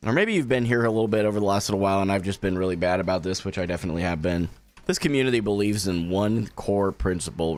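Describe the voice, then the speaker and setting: A young man live-streaming with a headset, chatting casually and making an earnest, encouraging pitch to his community. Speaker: gaming streamer.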